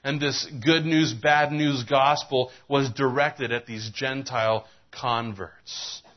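A man's voice: mid-range voice, fairly even intonation, takes it slowly, highs cut off. A man preaching a sermon as a pastor, reading scripture and telling folksy jokes.

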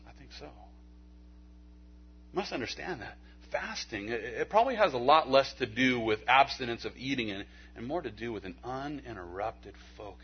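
A man preaching a sermon in a conversational way, with folksy asides, stammered restarts, and a hushed soft delivery when he makes a point. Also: mid-range voice, expressive, moderate pace, a little hiss or hum. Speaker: pastor. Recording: dull lo-fi recording.

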